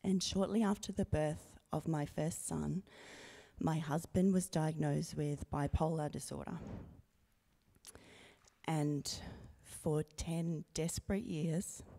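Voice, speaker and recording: Slow, low gravelly woman sharing testimony. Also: steady tone. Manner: slow, earnest, quiet and intimate. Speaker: baptism candidate sharing testimony. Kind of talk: personal testimony read to a congregation. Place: church sanctuary. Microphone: handheld microphone.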